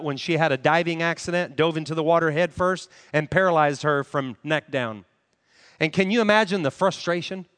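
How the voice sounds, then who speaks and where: A man's voice: a little high, a bit bright, clear, resonant tone. A man preaching a sermon on a handheld microphone, earnestly asking the congregation questions. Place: church hall. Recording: long hall reverb.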